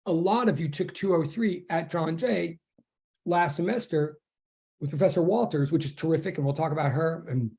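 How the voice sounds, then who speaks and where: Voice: mid-range voice, vocal fry, warm tone. A physics instructor on a video call gives a casual, rambling introduction to the class, with many restarts.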